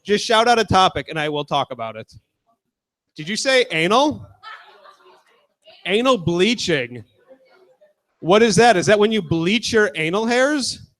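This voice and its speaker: A man's voice: high-pitched, expressive, unhurried, long pauses, fairly bright tone. A man in his twenties doing a crude, chatty stand-up set and talking with the crowd. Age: 20s. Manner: casual, crude, talks with the crowd. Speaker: stand-up comedian.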